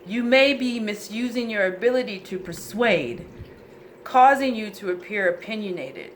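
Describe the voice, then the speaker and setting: A woman's voice: medium pitch, lively intonation, normal speed, a little hiss or hum. A woman giving a casual oracle card reading, goofy and chatty, swearing freely and calling her viewers "y'all". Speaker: tarot reader.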